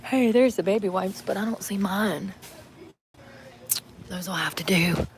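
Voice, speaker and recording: A woman with a drawl talks straight to her viewers in a loose, rambling vlog. Her pitch sits in an ordinary middle range, and she drifts between blunt remarks and low mutters to herself. She is recording inside a store, with a faint hum of background noise. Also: measured pace. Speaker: vlogger. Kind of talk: casual vlog talking to viewers.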